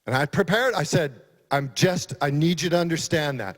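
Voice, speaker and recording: A man's voice: a little high, animated, normal speed. A middle-aged man, a county sheriff, giving an emphatic, folksy conference speech. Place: conference hall. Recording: long hall reverb.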